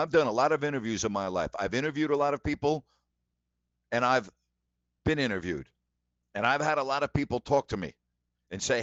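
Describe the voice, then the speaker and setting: A man's voice: medium pitch, normal speed, fairly bright tone, no echo. Man, sports talk host, emphatic, indignant rants, dry close sound, dull lo-fi audio.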